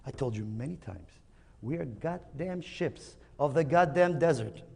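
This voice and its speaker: A man's voice: a little high, expressive, unhurried, gravelly, a little mellow, slightly rough, big-room sound, full character voice. Man doing a grumpy father camel. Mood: exasperated. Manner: exasperated, swearing.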